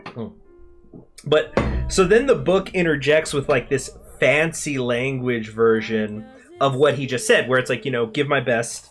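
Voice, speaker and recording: A man's voice: mid-range voice, a little slow, soft background music. A man hosting a casual gameplay video, talking to viewers in a rambling, chatty way and swearing freely. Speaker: gaming channel host.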